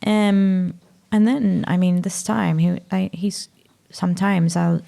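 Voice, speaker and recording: A young woman with a Maltese accent, a podcast guest speaking haltingly, searching for words and sometimes dropping to a whisper. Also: lowish voice, little pitch movement, vocal fry, warm tone. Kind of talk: emotional personal conversation.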